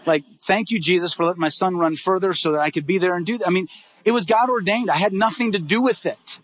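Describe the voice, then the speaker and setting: A middle-aged man preaching a sermon, telling a story with lively acted-out dialogue. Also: high voice, dry recording. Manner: animated, acts out dialogue in quick bursts. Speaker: pastor.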